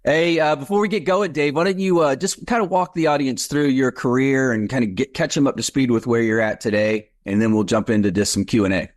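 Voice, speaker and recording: A man's voice: medium pitch, fairly quick, hardly any pauses. A man co-hosting a podcast, chatting in an easygoing way and laughing often. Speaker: podcast co-host. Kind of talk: casual chat.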